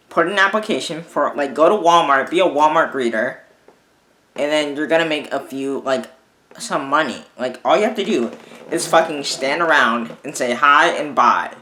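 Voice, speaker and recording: Guy venting on his vlog, swears a ton, bright voice, echoey room. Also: on the high side. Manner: swears a lot, exasperated, rambling with restarts. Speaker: vlogger. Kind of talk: ranting casual monologue.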